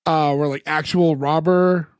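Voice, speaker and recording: A man's voice: fairly high pitch, steady tone, unhurried, smooth, no room sound, clean studio sound. Rambling male podcast co-host. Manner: rambling, many fillers, acts out characters' lines. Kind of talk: casual chat recapping a TV episode.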